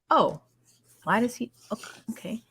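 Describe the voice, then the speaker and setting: A woman's voice: fairly high pitch, very animated, takes it slowly, a bit bright. A woman co-hosting a podcast, mostly giving short reactions and questions as she listens. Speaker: podcast co-host. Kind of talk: casual chat.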